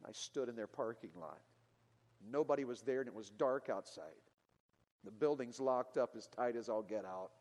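A man's voice: mid-range voice, moderate pace. Man, preacher, sermon storytelling, earnest, long hall reverb. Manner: earnest, building to loud emotional peaks then dropping quiet.

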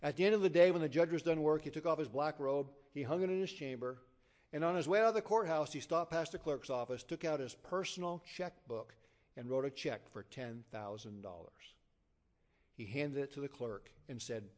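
A man preaching an evangelistic sermon, emphatic and storytelling, swinging from loud declarations to hushed low endings. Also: fairly quick.

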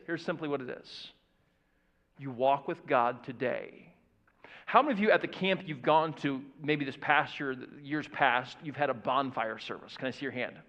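A man's voice: sits high, fairly bright tone. A man in his thirties preaching a playful sermon to young people, asking the crowd questions. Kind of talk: youth sermon. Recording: dull lo-fi church audio.

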